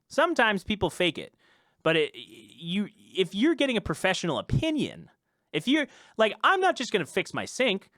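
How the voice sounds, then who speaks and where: A man's voice: fairly high pitch, fairly bright tone, no room sound, clean studio sound. A young man hosting his own podcast, ranting off the cuff with laughter and exasperation. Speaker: podcast host and musician.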